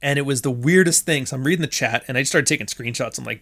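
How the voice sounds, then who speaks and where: A man hosts his podcast with a medium-pitched, slightly bright voice, talking quickly with hardly any pauses. In a casual monologue he tells a story, profane and sardonic, laughing often and acting out what others said.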